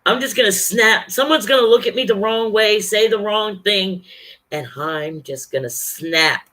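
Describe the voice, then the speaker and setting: A bright, forceful voice at an ordinary pitch rambles into a camera at home. The talk is loose and unscripted, with restarts and blunt profanity. It is a casual livestream chat aimed straight at the viewers. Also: a little slow. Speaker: livestreaming vlogger. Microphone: camera or webcam, talking to viewers.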